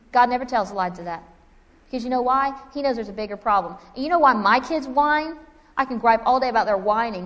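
A woman teaching a Bible lesson in a lively, conversational preaching style, with asides to her listeners. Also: mid-range voice, in a large hall. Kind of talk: sermon.

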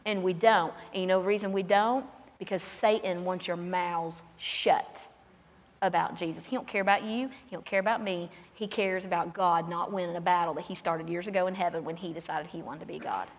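A woman preaching a fervent, emphatic, folksy sermon as a pastor's wife. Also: fairly low pitch. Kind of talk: sermon to a women's gathering. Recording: long hall reverb.

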